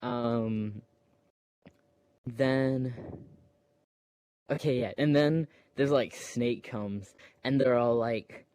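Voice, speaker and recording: A man's voice: medium pitch, extremely slow, pauses often, a little mellow, dry recording. A man casually retelling a movie plot, rambling and full of fillers. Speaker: storyteller.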